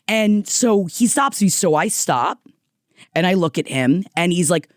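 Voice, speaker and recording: A woman co-hosting a podcast, telling an animated, profane story in casual chat. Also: on the low side, unhurried, no echo, studio quality. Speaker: podcast co-host.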